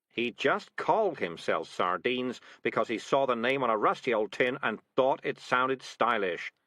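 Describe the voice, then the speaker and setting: A man's voice: medium pitch, animated, sharp tone, no echo. A man voicing a clever, scheming streetwise tomcat who talks his way out of trouble. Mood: shifty. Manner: smooth-talking, fast excuses.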